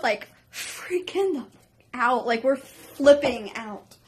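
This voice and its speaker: Female vlogger with a high-ish voice, excitable storytelling full of fillers. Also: unhurried. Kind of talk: storytime vlog.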